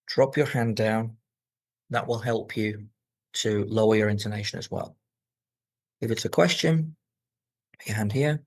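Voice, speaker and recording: A man teaching an English speaking exam lesson, explaining tips clearly and modelling intonation aloud. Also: fairly low pitch, measured pace, pauses often, dry recording, low-quality recording.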